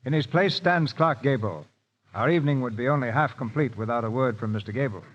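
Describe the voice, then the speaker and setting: A man's voice: mid-range voice, a little fast. A man hosting a 1930s radio show with a dry, wry manner. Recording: dull lo-fi 1930s radio broadcast.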